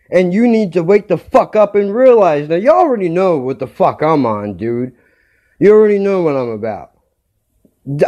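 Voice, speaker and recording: A man's voice: high-pitched, dark tone. A man hosting his own podcast, telling a story in a heated rant and swearing constantly. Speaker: podcast host.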